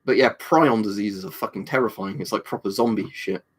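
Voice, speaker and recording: A man's voice: fairly low pitch, brisk, slightly rough. A man hosting a casual livestream, reading viewer comments and rambling with swearing and jokey asides. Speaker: livestream host.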